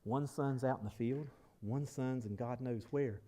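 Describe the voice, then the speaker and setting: A male pastor preaching a sermon, swinging between loud emphasis and quiet reflection while calling on the congregation to answer back. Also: medium pitch, unhurried.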